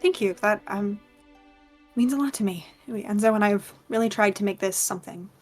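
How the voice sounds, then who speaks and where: A woman voicing a gentle, soft-spoken woman who leads a community. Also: medium pitch, fairly quick, soft background music, natural voice. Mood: warm. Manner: soft and grateful.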